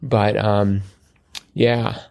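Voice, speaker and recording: A man's voice: fairly low pitch, little pitch movement, drawn-out words, creaky, darkish tone. Chatty man in casual conversation. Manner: chatty, self-deprecating, lots of fillers and restarts. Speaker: podcast co-host. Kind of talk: casual chat about crosswords.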